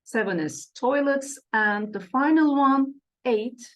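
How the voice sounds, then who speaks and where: A woman teaching English vocabulary, repeating each word pair slowly and checking in with "okay" and "right". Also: sits high, fairly bright tone. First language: Turkish. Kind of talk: slow classroom lesson explanation.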